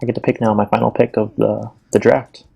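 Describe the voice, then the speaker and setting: Gravelly low-voiced man chatting casually. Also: over music. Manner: relaxed, halting, restarts phrases, laughs often. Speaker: team captain in an online league draft. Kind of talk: casual voice chat on a stream.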